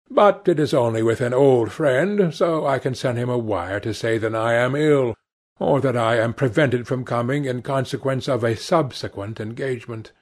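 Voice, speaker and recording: A man voicing a witty, languid aristocratic gentleman who drawls epigrams. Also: medium pitch.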